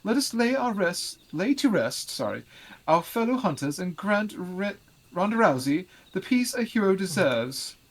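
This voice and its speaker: A man's voice: high voice, sing-song, unhurried, voice pushed up, exaggerated voice. A man voicing a pompous, anxious male scholar, reading game dialogue aloud with a fussy, pleading manner. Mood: formal.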